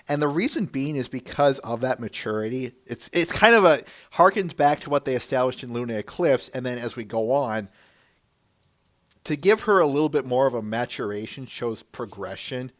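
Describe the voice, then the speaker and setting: A man with a mid-range voice co-hosting a casual podcast. He is articulate and opinionated and lays out his views at length. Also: medium pitch. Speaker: podcast co-host.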